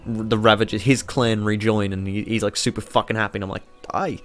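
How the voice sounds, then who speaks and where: A man rambling excitably and swearing freely as he chats casually over a city-building game. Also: on the low side, quick pace. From Australia. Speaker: YouTuber playing a city-builder.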